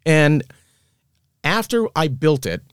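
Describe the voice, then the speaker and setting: A man telling animated, profane anecdotes in a casual chat as a guest. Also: on the high side, takes it slowly, clear, resonant tone, no room sound, clean studio sound.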